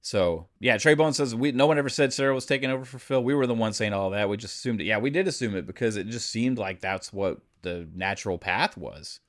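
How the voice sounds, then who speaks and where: A man with a low-pitched voice hosts a podcast in a casual, conversational way. He thinks aloud as he goes through the news. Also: brisk, few pauses. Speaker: podcast host.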